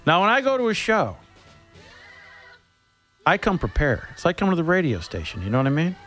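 Over soft background music, a man on the radio rambles through a funny story in a casual, chatty way. His fairly high voice runs a little fast, and he jokes and laughs animatedly throughout.

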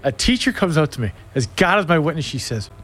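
A middle-aged man hosting a show, telling a comic story in an animated way and laughing through it. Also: fairly high pitch, quick pace.

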